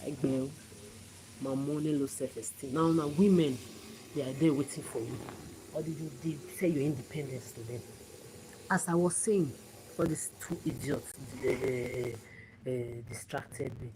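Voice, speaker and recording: A woman rants angrily on a livestream, swearing and repeating herself. Her voice sits low. A steady background noise is clearly heard under her. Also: normal speed. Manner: profane, repetitive, confrontational. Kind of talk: angry livestream rant.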